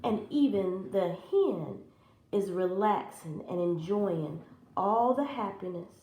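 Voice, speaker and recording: Lady teacher doing storytime, slow and super expressive, lots of ups and downs, echoey room. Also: medium pitch. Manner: expressive and animated. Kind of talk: storybook read-aloud for children. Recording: roomy echo.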